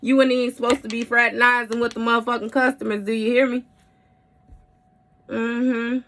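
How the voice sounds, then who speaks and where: A woman's voice: fairly high pitch, little pitch movement, normal speed, fairly bright tone, a little hiss or hum. A woman giving a casual tarot reading in a blunt, heavily profane way, with frequent mm-hmms. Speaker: tarot reader.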